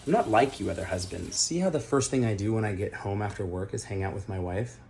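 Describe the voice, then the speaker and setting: Slow teasing husband, very deep voice, faint hum. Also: male voice, gravelly, darkish tone. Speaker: husband in a social media clip.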